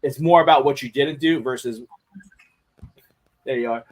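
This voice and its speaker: A man's voice: medium pitch, normal speed. A man in casual podcast chat, speaking candidly with frequent swearing and restarts. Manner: candid, profane, many restarts.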